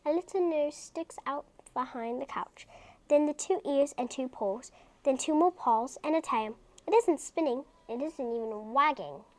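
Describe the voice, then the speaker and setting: A woman's voice: sits high, measured pace. A woman reading a children's book aloud, breaking off into chatty asides.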